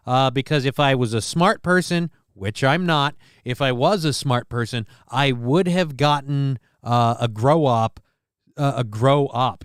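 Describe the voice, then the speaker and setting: A male show host chatting loosely into a desk mic on an arm, deliberately dropping his voice lower than it naturally wants to sit. The tone is smooth and clean, and the sound is dry and close with no room around it. He rambles, restarts his sentences and pokes fun at himself. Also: no room sound. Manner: rambling, self-mocking, with many restarts. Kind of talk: casual chat.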